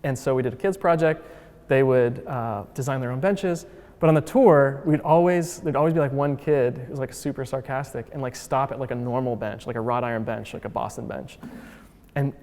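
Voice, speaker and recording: A man's voice: mid-range voice, brisk, a little mellow. A man giving a casual, upbeat lecture about his design museum, talking in a chatty way with lots of fillers. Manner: chatty and upbeat, heavy use of "like" and "uh"; acts out quotes with voice shifts. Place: lecture hall. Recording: long reverb of a lecture hall.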